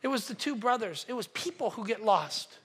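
A pastor preaching a sermon at a church service, telling a story with animated energy, acting out voices and stumbling into quick restarts. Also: medium pitch, husky.

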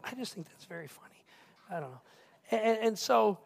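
A male pastor preaching a casual, animated sermon who keeps asking the crowd questions. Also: sits high, moderate pace, creaky. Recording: reverberant hall.

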